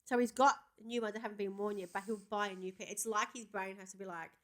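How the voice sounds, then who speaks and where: Animated woman, bright voice. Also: medium pitch, quick pace. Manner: animated storyteller, swears freely. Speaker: podcast co-host. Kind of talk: casual chat.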